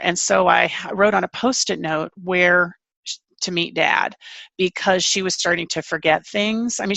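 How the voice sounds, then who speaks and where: A woman author and family caregiver answering interview questions candidly, with halting restarts. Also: lowish voice, creaky, bright, forceful tone, no echo.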